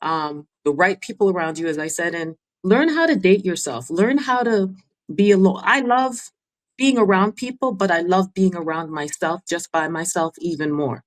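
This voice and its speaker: A woman's voice: lowish voice, expressive, moderate pace, rough recording. A woman speaking as a guest and mentor on a podcast, earnestly giving advice in short, repeated phrases. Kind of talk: casual interview chat.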